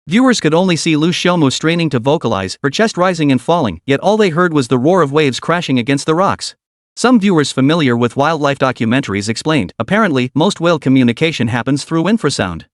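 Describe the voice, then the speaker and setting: Over a dry, close recording, a man narrates a story recap. His pitch sits a little high, and it moves around a great deal as he reads the scripted lines. The delivery has the steady pull of a storyteller keeping listeners hooked. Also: brisk, no echo.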